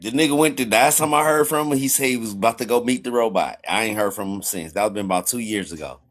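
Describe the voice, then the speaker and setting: A man's voice: lowish voice, quick pace. A man in a casual livestream chat who tells stories loosely, jokes around and swears freely. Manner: joking, profane, loose storytelling. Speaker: livestream participant.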